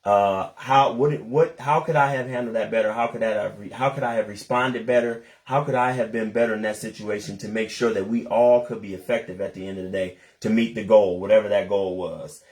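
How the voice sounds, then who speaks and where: A man, a couples and personal development coach, talking casually and earnestly on a podcast. He reflects out loud and asks himself questions as he goes. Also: lowish voice, steady tone, a little fast, few pauses.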